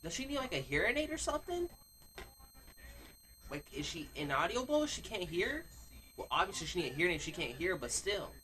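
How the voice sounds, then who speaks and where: A young male streamer giving casual, jokey reaction commentary, excitable and rambling with lots of slang. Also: high voice, fairly quick, long pauses, a little hiss or hum.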